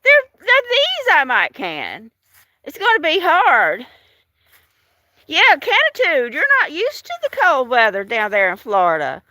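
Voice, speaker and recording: Lively high-voiced woman streaming outdoors. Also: a little slow, dry recording. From Washington state. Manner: chatty, greets viewers by name, laughs often. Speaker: live streamer. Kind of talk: casual live-stream chat. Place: outdoors in a storm-damaged yard.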